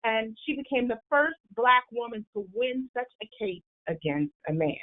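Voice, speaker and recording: A woman's voice: on the high side, animated, moderate pace. Woman lecturing over a tinny line. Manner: explanatory, storytelling lecture. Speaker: historian and presenter. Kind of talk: library history talk.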